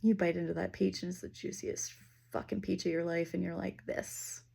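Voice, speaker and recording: A woman giving a casual spiritual reading and leading slow breathing, talking loosely with fillers and the odd swear word. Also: fairly low pitch, flat delivery, gravelly, slightly rough. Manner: slows down and softens into near-whispers. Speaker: intuitive reader.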